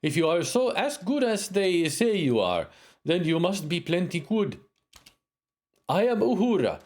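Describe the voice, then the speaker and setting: A man's voice: high-pitched, big pitch swings, a little slow, a little mellow, voice pushed up, exaggerated voice. A man voicing a proud spear-fighting warrior woman in broken English with a wandering put-on accent. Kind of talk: reading game dialogue aloud in character.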